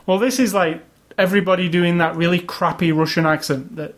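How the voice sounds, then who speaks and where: A man's voice: sits high, fairly even intonation, a little fast. A man casually chatting about video games as a podcast co-host, opinionated and rambling. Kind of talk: casual chat.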